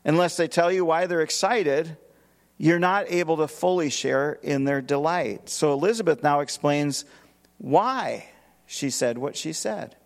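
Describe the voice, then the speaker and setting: A man's voice: on the high side, unhurried. A man preaching a verse-by-verse expository sermon as pastor, emphatic and posing rhetorical questions to his listeners.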